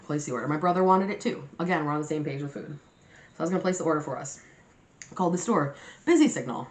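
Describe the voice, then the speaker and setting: A young woman mukbang vlogger with a low voice talks fast to the camera in a casual storytime chat. She's chatty and animated, swears freely, and laughs often, and the room sounds roomy and echoey.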